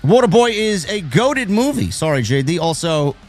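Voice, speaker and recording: Soft music underlies this high, sing-song voice with a darkish tone, moving at normal speed. It belongs to a man from New York hosting a wrestling live stream, who rambles, restarts frequently, and reads viewer messages out loud.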